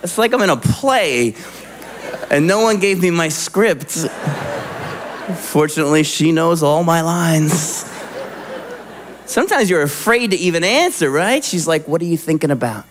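A man performing stand-up comedy, animated and acting out little voices for his jokes. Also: fairly high pitch, a little slow, long pauses, crowd noise, noisy background. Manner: animated, acts out voices for the punchlines.

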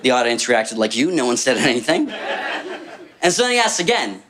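A man telling a stand-up story in a halting, deadpan way, full of pauses and fillers. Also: mid-range voice, a crowd in the background. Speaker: comedian.

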